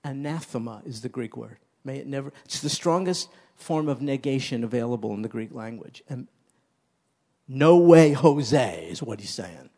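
A man's voice: medium pitch, fairly quick, creaky, few pauses, a little mellow. A man preaching a sermon as pastor, emphatic and repeating key phrases for stress.

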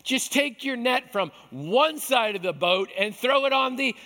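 A man preaching as pastor, animated and acting out voices from the story. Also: extremely high pitch, measured pace, long reverb tail. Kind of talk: sermon.

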